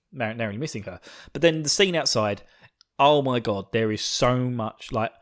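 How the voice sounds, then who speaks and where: A man hosting a podcast, recapping an episode in a gushing, excitable, swearing way. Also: mid-range voice. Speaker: podcast host.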